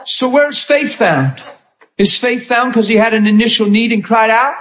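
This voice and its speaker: Male preacher, high voice, animated, fervent storytelling, bursts of shouting. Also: normal speed. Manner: impassioned storytelling, acting out scenes, often shouting. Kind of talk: sermon.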